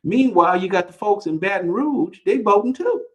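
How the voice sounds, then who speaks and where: A man hosting a live podcast, telling a long story with energy, often repeating words and rising in pitch when excited. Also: normal speed, dull audio. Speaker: podcast host.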